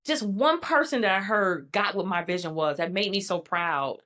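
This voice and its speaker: A middle-aged woman, a guest in a casual interview, telling her story in a lively way and acting out what people said. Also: mid-range voice. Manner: animated storyteller, acts out quoted dialogue.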